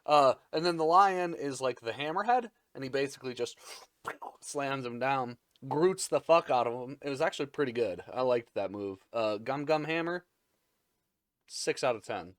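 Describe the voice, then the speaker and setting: A man's voice: mid-range voice, lively intonation, normal speed, dry recording, clean studio sound. A man hosting a casual episode recap, rambling, crude and jokey. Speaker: anime recap host.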